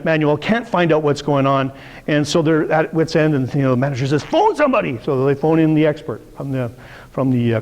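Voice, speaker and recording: A middle-aged man runs a sales training workshop, speaking in a voice pitched a little high for a man. He teaches through stories, acting out the people in them as he goes. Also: darkish tone, long reverb tail. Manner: storytelling, acts out quoted voices. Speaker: sales coach.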